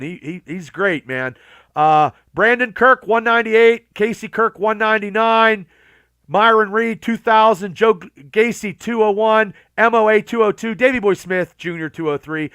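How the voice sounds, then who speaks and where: A man's voice: high voice, pushed and bright, smooth, no room sound. A male podcast host reading through a wrestling ranking list, stopping now and then for blunt, profane asides.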